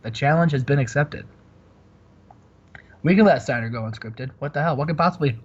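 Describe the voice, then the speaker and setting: Animated man narrating a game, dull mic. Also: mid-range voice, a little fast. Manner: animated storytelling, quotes characters, laughs often. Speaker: host. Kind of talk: comedic let's-play commentary.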